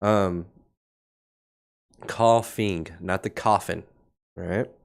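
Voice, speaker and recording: Male livestream market host, lowish voice, sarcastic and blunt, thinking aloud, slight cough. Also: steady tone, very slow, vocal fry, clear, resonant tone. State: coughing now and then. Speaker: crypto market show host. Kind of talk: casual livestream market commentary.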